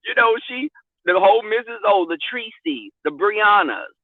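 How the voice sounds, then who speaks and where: A man hosting a casual live stream, telling stories in a sassy, profane, animated way from a car. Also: high-pitched, moderate pace, dry recording. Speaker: vlog host. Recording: tinny, phone-like, dry.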